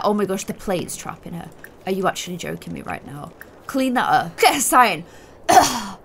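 A young woman from the United Kingdom chatting casually through a life-simulation game, bubbly and thinking aloud, with excited squeals. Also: medium pitch, moderate pace. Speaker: gaming video host. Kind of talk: casual let's-play commentary.

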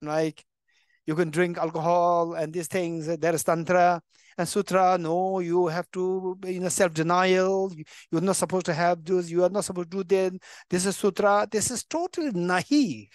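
A man's voice: high voice, fairly even intonation, normal speed, no room sound. Man, Buddhist teacher, emphatic, restarts words, English, dry close sound. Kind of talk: dharma teaching. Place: teaching center room.

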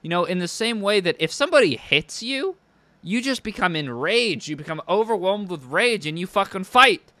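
A man's voice: sits high, lively intonation, normal speed, bright, forceful tone, no echo. A young man streaming, giving casual commentary that is profane, sardonic and rambling.

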